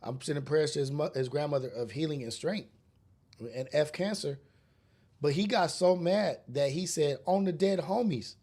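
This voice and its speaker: A solo podcast host with a slightly high, darkish voice rants at a moderate pace. Raised in a rough urban neighborhood, he keeps his casual monologue blunt and preachy, full of street slang and profanity.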